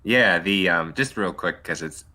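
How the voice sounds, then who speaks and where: A man's voice: sits low, measured pace, a little hiss or hum. A man in a casual group call, telling an anecdote and acting out the quoted lines. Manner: animated storyteller, acts out quoted lines. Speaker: webcomic creator.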